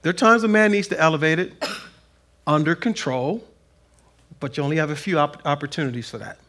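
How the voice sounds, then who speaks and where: A middle-aged pastor preaching a sermon, animated, acting out quotes in a raised voice. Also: male voice, fairly high pitch, brisk.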